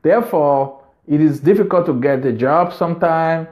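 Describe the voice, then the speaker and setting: A man's voice: fairly high pitch, moderate pace, a little mellow. A man hosting a video, giving business advice in an unscripted monologue, earnest and repeating phrases for emphasis.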